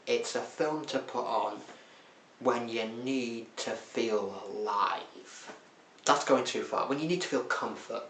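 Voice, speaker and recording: A man's voice: mid-range voice, slow pace, fairly bright tone, slight background noise. A man casually reviewing films with wry, self-mocking asides, recorded in an echoey room. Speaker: film reviewer. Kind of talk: casual monthly film roundup.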